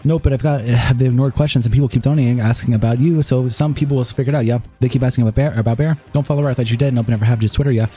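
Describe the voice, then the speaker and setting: A man's voice: mid-range voice, steady tone, rapid-fire, few pauses, mellow, slightly rough, soft background music. A man streaming, reading a written statement and its text messages aloud straight through, with sighs between passages.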